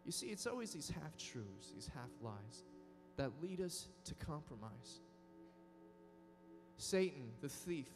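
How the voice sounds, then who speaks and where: High-voiced man preaching in a big hall. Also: sing-song, measured pace. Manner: dynamic, acts out inner voices. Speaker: youth conference speaker. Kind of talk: sermon. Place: large conference hall. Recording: reverberant hall with soft music.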